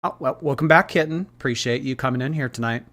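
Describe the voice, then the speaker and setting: Male streamer, chatty commentary host, mid-pitched voice. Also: fast talker, fairly bright tone. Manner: reacts to clips, thanks viewers by name. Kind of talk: casual livestream commentary.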